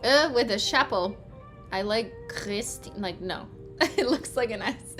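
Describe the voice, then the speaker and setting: A woman's voice: a little high, expressive, a little slow, a bit bright, faint music behind. A woman hosting a casual livestream, chatting loosely, swearing often and laughing a lot. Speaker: livestream host.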